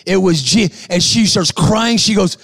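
A man's voice: sits high, unhurried, vocal fry, dry recording. A man preaching a sermon, telling stories with acted-out voices and exhorting the crowd. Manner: animated storytelling, acts out quoted voices.

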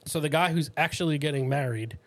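A man's voice: a little high, fairly quick, fairly bright tone, dry recording. A man, co-hosting a podcast and telling rambling stories in a casual chat, full of fillers, laughs and swearing. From Massachusetts, USA. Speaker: podcast co-host.

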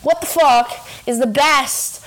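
A woman's voice: sits high, slow pace, fairly bright tone. A young woman co-hosting a podcast in casual chat, blunt and profane, laughing often. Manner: blunt, swearing, laughing a lot. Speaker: podcast co-host.

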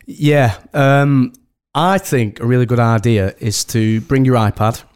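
A man's voice: medium pitch, a little slow, a little mellow, smooth. A man from the UK, a wedding host, chatting casually as a podcast guest in a rambling way full of restarts. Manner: rambling, many restarts and "do you know what I mean".

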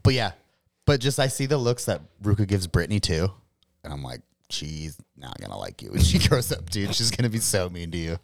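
A man's voice: low voice, sing-song, brisk, vocal fry, no echo, clean studio sound. A young man co-hosting a casual podcast chat, loose and laughing, swearing often. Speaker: podcast co-host.

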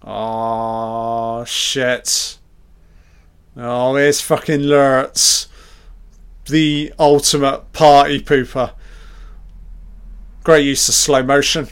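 Slow, smooth-voiced man swearing excitedly. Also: mid-range voice. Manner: excitable, swears constantly, blurts reactions. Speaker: film commentator. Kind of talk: live film reaction commentary.

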